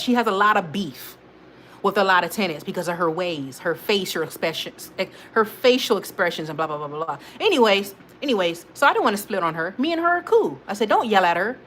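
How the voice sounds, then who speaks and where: A woman in a casual live-stream chat, animated and rambling, full of slang and quick restarts. Her voice sits at a middle pitch, neither high nor low. A faint hiss sits under her talk. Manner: rambling and animated, talks straight to viewers, frequent laughs and restarts; informal slang-heavy speech. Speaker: host of a weekly live check-in stream.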